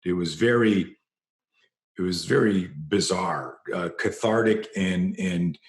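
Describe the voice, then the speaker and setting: A middle-aged man with a very low voice tells a training story in an interview. He is an animated storyteller who climbs in pitch and force when the tale peaks. The sound is roomy, with plenty of echo. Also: slow pace. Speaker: self-defense trainer.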